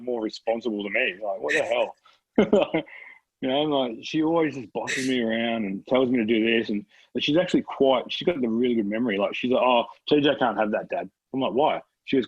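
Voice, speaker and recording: A man in his thirties with an Australian accent, telling stories in a relaxed podcast chat, swearing freely and laughing often. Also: mid-range voice, slightly rough, no room sound, muffled recording. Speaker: podcast guest. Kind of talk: casual chat.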